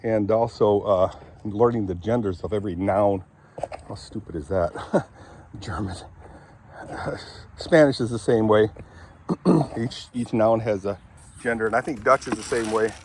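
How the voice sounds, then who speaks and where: A man's voice: fairly low pitch, steady tone, a little slow, a little mellow, a little hiss or hum. Rambling middle-aged man chatting casually. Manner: chatty, clears throat and coughs often. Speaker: vlogger.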